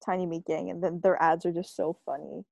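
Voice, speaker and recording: A young woman co-hosting a podcast in casual chat, gushing and animated, saying "oh my God" often. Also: lowish voice, fairly quick, gravelly, no room sound, clean studio sound. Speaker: podcast co-host.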